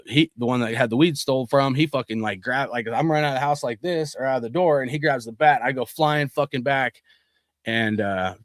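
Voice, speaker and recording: A man's voice: medium pitch, a bit bright, no echo, clean studio sound. A young adult man telling a story from his life in a casual, rambling way, swearing often and saying "dude" and "like" a lot.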